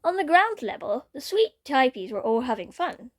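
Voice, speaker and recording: A woman reading a fan-written story aloud in an expressive way. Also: high voice, normal speed.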